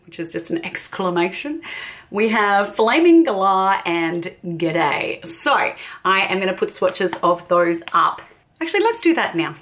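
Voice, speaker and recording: A woman's voice: medium pitch, very animated, unhurried, fairly bright tone. Bubbly Australian woman beauty vlogger. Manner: bubbly, chatty, laughs often. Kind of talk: casual beauty video chat.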